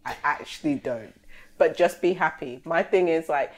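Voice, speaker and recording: A young woman, co-hosting a casual podcast chat, animated and slangy, acting out conversations. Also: sits low, normal speed. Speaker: podcast co-host.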